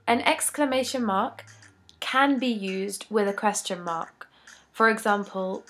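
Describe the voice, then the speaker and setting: A woman reads out an English grammar lesson at a slow, unhurried pace. Her voice sits at a middle pitch, and she delivers each rule and example in a measured, deliberate way. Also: a bit bright. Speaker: English teacher.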